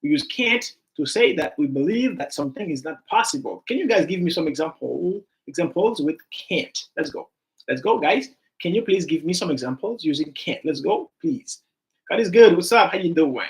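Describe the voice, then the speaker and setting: A man teaching an English grammar class online, animated and repetitive as he coaxes his students to give examples. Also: on the high side, normal speed.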